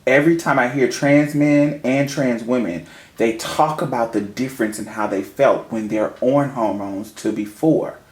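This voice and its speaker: A man's voice: medium pitch, moderate pace, echoey room. A man interviewing a guest, asking long, winding, probing questions.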